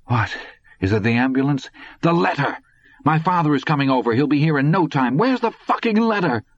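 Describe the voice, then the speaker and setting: A man's voice: mid-range voice, brisk, slightly rough, no echo, dull audio, pitched above the performer's own voice, lightly acted. A man voicing a frantic teenage boy in a crime audiobook, strained and panicky.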